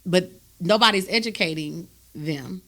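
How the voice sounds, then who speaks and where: A woman, hosting a podcast and telling a personal story in a candid, animated, emphatic way. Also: lowish voice, a little slow. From Texas, USA. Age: adult, raised a grown son. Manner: emphatic and animated, with frequent "do you understand me?". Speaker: podcast host.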